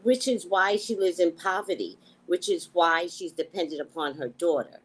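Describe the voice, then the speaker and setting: A woman hosts a casual book discussion in a low, husky voice. She talks candidly and laughs easily as she tells stories. Her tone stays relaxed and conversational. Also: normal speed, poor audio. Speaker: host.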